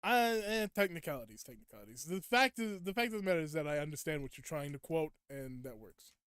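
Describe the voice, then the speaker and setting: Young guy streamer, kinda high clear voice, mock-outraged ranting at chat, dry close sound. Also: fairly even intonation, brisk, a bit bright, no room sound. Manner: playful mock-indignant ranting at viewers. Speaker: gaming streamer. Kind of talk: casual live gameplay chat.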